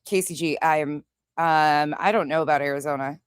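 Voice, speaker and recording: Low-pitched gal from montana cussing up a storm telling her chat a story, super dry sound. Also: moderate pace, smooth, no room sound. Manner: profane, animated storyteller. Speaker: livestream host reading chat.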